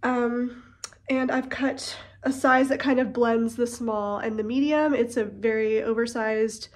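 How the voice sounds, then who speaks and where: A woman vlogger chatting casually at home in her kitchen, her voice nasal and stuffy from a cold, relaxed and peppered with fillers. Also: on the high side, a little slow. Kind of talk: casual chat.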